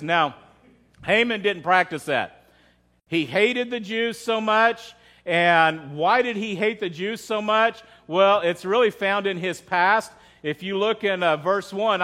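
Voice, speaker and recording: High-voiced man preaching a conversational sermon. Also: a bit bright. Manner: conversational, asks the congregation questions. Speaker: pastor.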